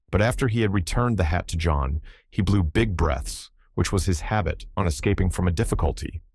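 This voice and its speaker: A man narrating a classic children's story in a measured storytelling manner. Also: low voice, a little mellow, breathy edge, no room sound, studio quality. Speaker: audiobook narrator. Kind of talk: scripted narration.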